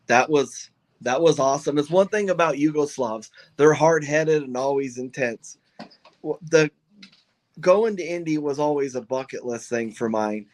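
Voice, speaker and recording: A man who owns and drives a funny car, telling stories in an excited, rambling way with lots of restarts on a podcast. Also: on the high side, moderate pace. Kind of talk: podcast interview, casual storytelling.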